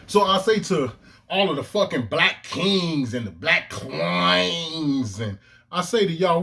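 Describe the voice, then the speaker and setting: A man's voice: on the high side, lively intonation, takes it slowly, vocal fry, sharp tone. A man ranting to his own camera in heated, profane commentary, with emphatic outbursts. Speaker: vlogger. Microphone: camera lens, self-recorded.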